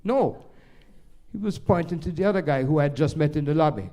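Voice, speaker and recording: Older Jamaican man, warm mellow tone, loose rambling storyteller, speaking to a live audience. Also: on the high side, a little fast. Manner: rambling, animated anecdotes with many restarts. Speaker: jazz pianist and storyteller.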